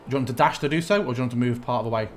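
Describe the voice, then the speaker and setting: A man's voice: mid-range voice, very fast, soft background music. A man narrating a tabletop game as game master, thinking aloud as he checks rules.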